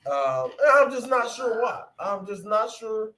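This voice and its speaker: A man's voice: extremely high pitch, unhurried, sharp tone. A man hosting a livestream, giving opinionated casual sports commentary that rambles with frequent ums. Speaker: livestream host.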